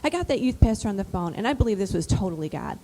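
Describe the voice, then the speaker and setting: Animated woman telling stories to mothers. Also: medium pitch, fast talker, slight background noise, poor audio. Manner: animated, emphatic, repetitive. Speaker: speaker addressing mothers. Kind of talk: motivational storytelling speech.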